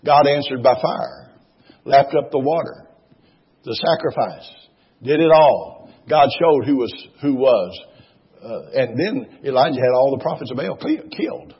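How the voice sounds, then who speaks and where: A male preacher delivering a sermon, emphatic and repetitive, rising into loud exhortation. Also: medium pitch, animated, measured pace, slightly rough. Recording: dull lo-fi recording.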